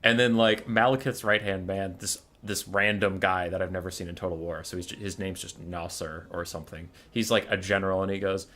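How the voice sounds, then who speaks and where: A man streaming and casually retelling a story to his chat, animated, exasperated and swearing freely. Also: low-pitched, brisk, few pauses.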